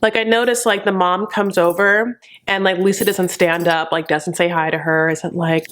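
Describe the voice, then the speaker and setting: Woman, reality TV recap host, sassy, campy, gossipy chatter, slightly low pitch, mocking impressions. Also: fairly even intonation, normal speed, a bit bright. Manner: sassy, campy, gossipy, says "honey" and "like" a lot; jumps into high mocking impressions. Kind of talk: casual comedic recap.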